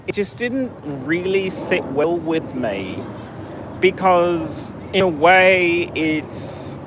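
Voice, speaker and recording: A man's voice: sits high, lively intonation, very slow, noisy background. A man telling a story in a profane, sarcastic rant, outdoors in a city. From United States. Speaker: vlogger. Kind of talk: casual ranting storytelling.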